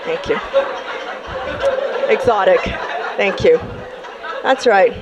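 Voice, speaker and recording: A woman's voice: medium pitch, slow pace, lo-fi sound. A young woman doing a brash, sassy stand-up set on a comedy club stage, talking straight to the crowd.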